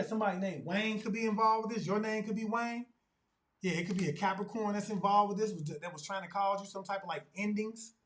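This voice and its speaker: High-voiced man giving an emphatic tarot reading. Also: a bit bright, low-quality recording. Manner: repetitive, emphatic, addresses viewers as y'all; calls on spirit aloud between statements. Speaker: tarot reader and spiritual medium. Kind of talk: channel tarot reading monologue.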